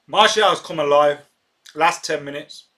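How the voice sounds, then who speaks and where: A man reacting live to a football match as a fan, getting excitable, swearing and shouting at the referee. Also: fairly high pitch, unhurried. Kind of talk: live match watch-along commentary.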